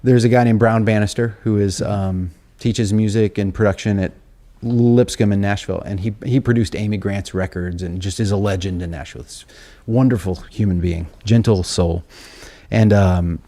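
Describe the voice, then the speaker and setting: A middle-aged man tells a story on stage in front of a live audience. His voice sits fairly low, and his telling rambles, self-deprecating and broken by laughter. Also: fairly even intonation, moderate pace, mellow. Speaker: interview guest, songwriter and author. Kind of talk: live onstage conversation.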